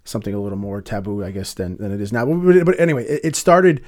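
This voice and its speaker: A middle-aged man co-hosting a casual music chat, talking in halting bursts with many restarts and fillers. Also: on the low side, very animated, a little mellow. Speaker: podcast co-host.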